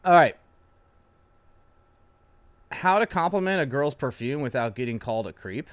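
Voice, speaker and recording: Young male streamer, mid pitch, dry close sound, profane and jumpy delivery with stuttered restarts. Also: animated, moderate pace, clear, resonant tone, no room sound. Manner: loud swings, swearing, stammering restarts. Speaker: streamer reacting to posts. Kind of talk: casual profane reaction chat.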